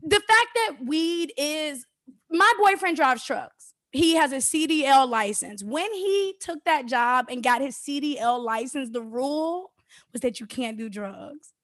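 A woman talking in casual podcast chat, animated and emphatic, often laughing. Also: high voice, a little slow.

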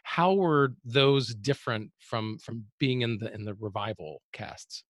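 A man hosting an interview, talking in a relaxed, halting way as he searches for words. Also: mid-range voice, no room sound, clean studio sound. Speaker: interview host. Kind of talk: casual interview talk.

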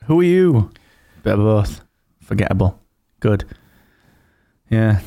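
A man's voice: fairly low pitch, very animated, takes it slowly, mellow. A man co-hosting a casual podcast, playful and rambling, speaking into a new microphone. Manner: playful, rambling, banter-prone. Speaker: podcast co-host.

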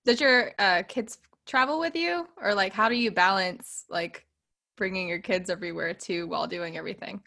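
A woman's voice: mid-range voice, normal speed, gravelly, bright, forceful tone. Woman podcast host asking questions. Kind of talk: interview questions.

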